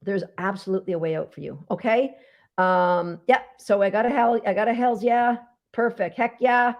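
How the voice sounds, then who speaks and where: A woman's voice: medium pitch, moderate pace. A woman dog trainer hosting a casual live Q&A, chatty and emphatic, talking straight to her viewers. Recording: dull lo-fi sound.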